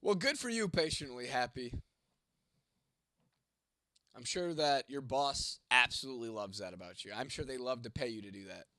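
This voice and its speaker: A man hosting a live stream in a loose, rambling, profane way, talking directly to his viewers. His voice sits at a middling pitch. The sound is dry and close, with no room echo. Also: moderate pace, pauses often, sharp tone. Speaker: livestream host reading chat. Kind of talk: casual live-stream chat.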